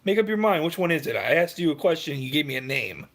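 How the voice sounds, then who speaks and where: A man's voice: on the high side, sing-song, quick pace, fairly bright tone. A man hosting a heated, profane sports rant, arguing with commenters.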